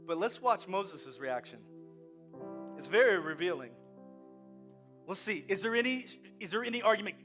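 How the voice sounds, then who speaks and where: A man preaching a sermon as pastor, moving from hushed, quiet lines to loud, animated storytelling. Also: high-pitched, moderate pace, faint music behind.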